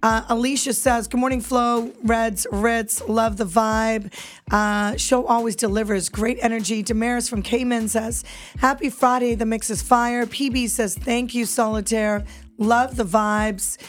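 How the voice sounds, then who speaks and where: A woman's voice: on the high side, fairly even intonation, measured pace. A woman hosting a morning radio show in a studio, upbeat and chatty as she reads out listener texts. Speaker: radio host.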